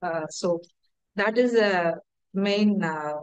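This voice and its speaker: A woman's voice: mid-range voice, slow, clear, resonant tone, no room sound, poor audio. A middle-aged woman, giving an earnest, hesitant personal testimonial and often repeating her words. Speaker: testimonial speaker.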